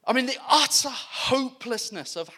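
A man with a British accent preaching a sermon, impassioned, swinging between near-shouts and hushed whispers. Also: very high-pitched, lively intonation, normal speed.

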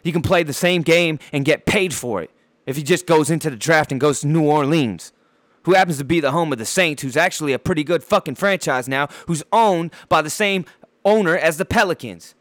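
A man's voice: on the high side, brisk, a bit bright, no room sound. A man hosting a podcast, ranting about basketball with constant swearing, stumbling over his words while fired up and bouncing around with a handheld mic. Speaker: podcast host. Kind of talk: profane sports rant.

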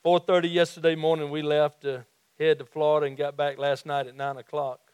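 A middle-aged man with a Southern accent preaching a sermon in a folksy way, restarting phrases and slowing down to stress his points. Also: on the high side, level tone, darkish tone, smooth, dry recording. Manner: folksy, repeats and restarts phrases, slows for emphasis. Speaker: pastor.

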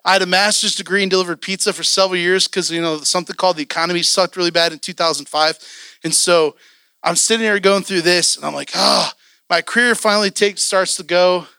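A man, a church elder, preaching a sermon and telling a personal story in a lively, animated way, acting out his own past outbursts. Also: high-pitched, fast, creaky, clean tone, no echo, studio quality.

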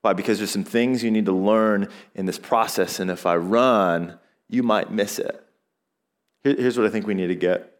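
A man's voice: fairly low pitch, moderate pace. A male pastor delivering a sermon in a conversational way, asking rhetorical questions and acting out short quotes.

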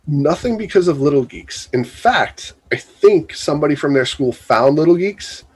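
A man's voice: a little high, animated, normal speed, husky, low-quality recording. A middle-aged man chatting casually on a video call, joking and teasing with a lot of swearing. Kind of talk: casual chat.

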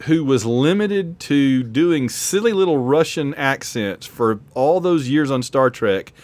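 A man's voice: mid-range voice, takes it slowly, no room sound. A man co-hosting a podcast in casual chat, acting out quotes with laughs. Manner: animated, acts out quotes with laughs. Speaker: podcast co-host.

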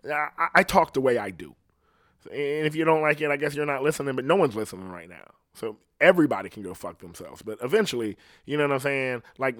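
A man's voice: medium pitch, fairly bright tone, dry recording, studio quality. A man with a slight lisp, hosting his own podcast in a casual, rambling solo monologue full of swearing. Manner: profane, rambling rant. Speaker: podcast host.

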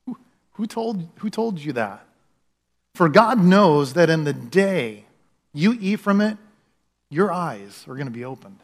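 Picture a crafty serpent who tempts with a rich, syrupy voice and a casual, luring ease, as a preacher puts him on. The voice sits a touch high and slides smoothly, never rushed, always coaxing. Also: male voice, expressive.

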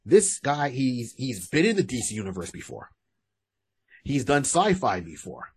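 A man's voice: mid-range voice, sing-song, unhurried, husky. A man co-hosting a podcast, chatting casually and rambling with restarts and asides. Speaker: podcast co-host. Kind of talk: casual chat.

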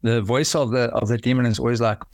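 A man's voice: medium pitch, level tone, fast talker, background noise. A man chatting casually on a podcast, rambling and hesitant with frequent restarts.

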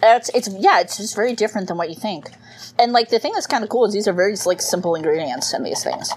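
A woman's voice: mid-range voice, quick pace, slight background noise. A woman co-hosting a podcast, chatting casually and laughing through a food tasting with a studio mic. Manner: animated, laughing, swearing casually. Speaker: podcast co-host.

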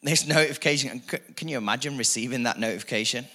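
A male pastor with a bright, forceful voice delivers a lively sermon. He repeats key phrases for emphasis and drops in casual asides. He speaks to a church congregation. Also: medium pitch, fast. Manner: energetic, repetitive preaching with rising emphasis and asides.

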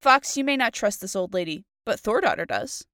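Bright, lively woman podcaster. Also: mid-range voice, a little fast, no echo, clean studio sound. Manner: playful and animated. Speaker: podcast co-host retelling a fairy tale. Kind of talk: casual chat and story narration.

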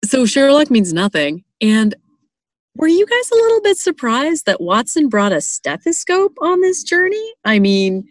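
A woman co-hosting a casual book discussion. She asks questions and analyzes in an animated way. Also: sits high, a little slow, dry recording, clean studio sound. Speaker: podcast co-host.

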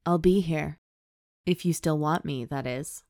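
A woman reading aloud the lines of a gentle, teasing man from a novel, in a soft, understated voice close to her own. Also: low-pitched, unhurried, no echo. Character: gentle deep-chested man, tender and teasing.

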